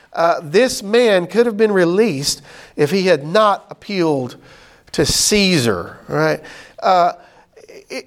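Guy leading bible study, kinda high voice, loose and chatty, lots of um and uh. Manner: conversational, many fillers and paraphrases in plain slang. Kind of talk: casual Bible teaching.

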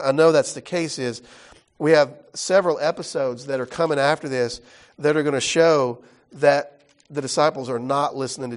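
A man teaching a Bible study class in a casual, explanatory way, often checking in with his listeners. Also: mid-range voice.

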